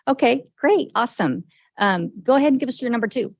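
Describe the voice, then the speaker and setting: Gravelly-voiced woman leading a meeting. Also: on the high side, animated, no echo, low-quality recording. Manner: brisk, encouraging, with frequent okays. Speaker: meeting facilitator. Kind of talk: leading a group discussion. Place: government meeting room.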